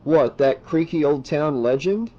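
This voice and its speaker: A man's voice: a little high, expressive, a little slow, mellow, dull audio. A man as an awkward, easygoing teenage boy. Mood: casual. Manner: hesitant, filler-laden.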